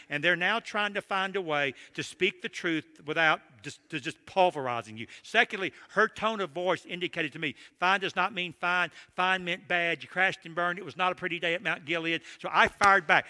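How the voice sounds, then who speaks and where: An older man from Georgia with a Southern accent, preaching a sermon with animated, self-deprecating storytelling. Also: sits high, brisk, few pauses, long reverb tail. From Georgia, USA. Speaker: pastor.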